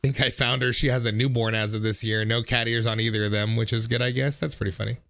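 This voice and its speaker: A man's voice: mid-range voice, fairly even intonation, quick pace, gravelly, fairly bright tone, soft background music. A man in his thirties, a streamer reading out viewer comments in a casual, jokey way, swearing freely and often laughing.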